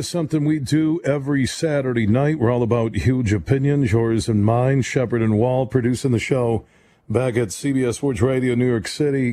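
Male sports radio host, mellow voice, fast-talking, opinionated. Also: mid-range voice. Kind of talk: late-night sports call-in show. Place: radio studio.

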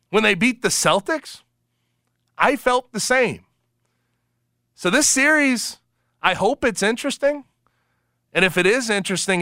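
A man hosting sports talk radio, animated and emphatic, quick to laugh. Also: sits high, no echo, clean studio sound. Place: radio studio.

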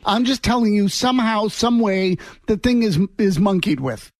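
A playful radio co-host jokes his way through the banter. His voice is high, and music sits clearly behind him. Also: lively intonation, moderate pace. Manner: joking, playful.

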